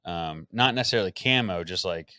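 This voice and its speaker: A man hosting a podcast who tells a story in a casual, animated way, acting out the quotes and swearing freely. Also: deep voice, a little fast, clear, resonant tone, no echo. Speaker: podcast host.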